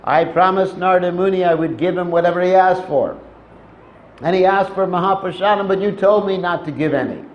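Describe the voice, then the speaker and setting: A man's voice: high voice, fairly quick, roomy sound, muffled recording, slight background noise, natural voice. A man voicing the goddess Lakshmi in a sermon story, pleading over a troubled promise. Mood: worried.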